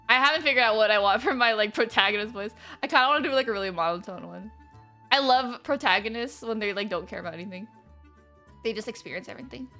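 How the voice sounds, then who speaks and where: A bright, high-voiced woman streamer chatting and giggling as she plays. Her pitch swings widely as she reacts, with faint game music underneath. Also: animated, quick pace. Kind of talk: casual live-stream commentary.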